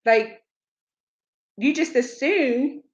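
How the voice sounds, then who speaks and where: A middle-aged woman hosting a casual chat, telling a personal story in an animated way and acting out what others said. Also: sits high, drawn-out words, muffled recording. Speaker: host.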